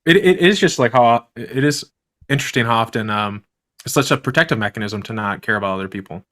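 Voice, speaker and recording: A man's voice: mid-range voice, fast, a bit bright. A man who grew up on a farm, talking casually as a guest in a conversational interview, rambling with many fillers.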